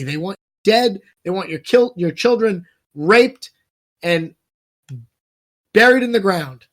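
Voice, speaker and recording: A high-voiced man in a heated podcast rant, stammering and cursing as his anger builds. His voice sits well above the usual male range and stays fired up. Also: animated, takes it slowly, long pauses, a bit bright. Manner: ranting, swears a lot, stammers when angry. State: worked up, spitting mad. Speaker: podcast co-host.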